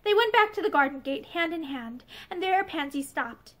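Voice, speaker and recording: A woman reading a novel aloud, gentle and expressive, with some passages dropped to a soft whisper. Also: very high-pitched, moderate pace, few pauses. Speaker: audiobook reader. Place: room with bookshelves. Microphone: camera facing her.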